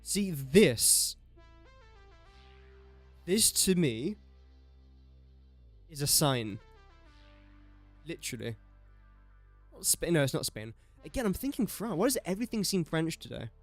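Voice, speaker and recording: A young man with an English accent talks through his gameplay in a loose, rambling live-stream style, joking at his own expense and half-muttering his guesses. His voice sits a little higher than most men's, with faint music playing underneath. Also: sing-song, takes it slowly, pauses often. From England. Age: young adult. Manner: chatty, self-mocking, mutters while guessing. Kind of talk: casual live-stream commentary.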